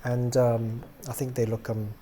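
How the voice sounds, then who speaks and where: A middle-aged man casually demonstrating how to pose and reset a doll's joints, relaxed and chatty, with many ums, trailing off quietly at the ends of phrases. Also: mid-range voice, measured pace, a little hiss or hum. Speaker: doll maker demonstrating a product.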